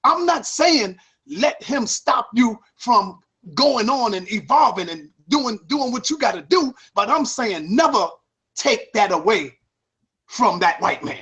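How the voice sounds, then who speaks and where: Brief: man, very high husky voice, emphatic sermon-like debater. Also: animated, a little slow, bright, forceful tone. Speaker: debate partner. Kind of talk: heated discussion.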